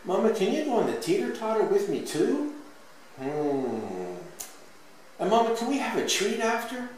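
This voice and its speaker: A man reading a storybook aloud, voicing a little girl elephant in a high, childish pleading voice. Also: huge pitch swings, normal speed, darkish tone. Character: little girl elephant, lonely then eager. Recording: echoey room from a distance, faint hiss.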